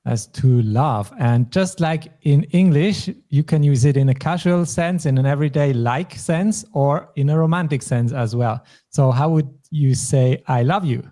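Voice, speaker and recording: A man's voice: mid-range voice, unhurried, hardly any pauses, warm tone. A man from German-speaking Europe hosting a language lesson, patiently explaining phrases and vocabulary step by step. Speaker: language teacher.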